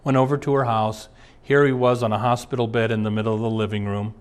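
A man's voice: lowish voice, flat delivery, fast, clear, resonant tone. Earnest male pastor telling stories. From Twin Cities area. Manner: earnest storyteller, reads aloud then recounts anecdotes. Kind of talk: sermon told through personal stories.

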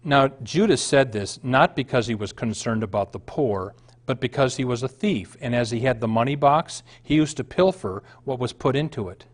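A man's voice: mid-range voice, expressive, normal speed. A middle-aged man from the American Midwest, a pastor preaching a sermon, moving from a read-aloud passage to emphatic, rising points.

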